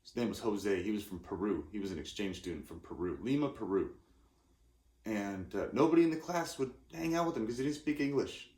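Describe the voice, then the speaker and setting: A man's voice: lowish voice, animated, fairly quick, darkish tone. A man in his forties from California, talking casually in a rambling, self-interrupting way with lots of restarts. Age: 40s. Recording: roomy echoey room.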